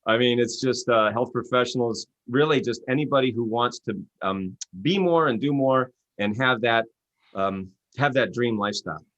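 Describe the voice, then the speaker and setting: A man's voice: normal speed, no echo, highs cut off. A man, an author and coach, telling stories in an interview and acting out quoted voices. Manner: animated, acts out quotes with rising pitch. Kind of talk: interview guest storytelling.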